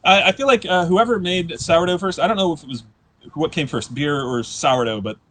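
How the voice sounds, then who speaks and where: A man in his thirties doing a live stand-up set, rambling and self-deprecating with deadpan asides. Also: fairly high pitch, a little fast. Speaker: stand-up comedian. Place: comedy stage before a live audience.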